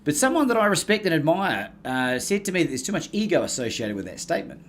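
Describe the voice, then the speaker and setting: A man with an Australian accent, a podcast guest telling a story in casual, animated talk and acting out the people he quotes. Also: a little high, quick pace, slight background noise. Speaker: guest, courage coach.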